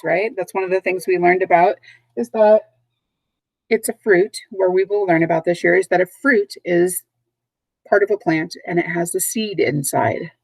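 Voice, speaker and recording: A patient woman teacher walks through a recorded vocabulary lesson at a middle pitch. She speaks clearly and repeats each word slowly. The sound is close and dry, with no room around it. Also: darkish tone, dry recording, rough recording. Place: at home, dogs nearby.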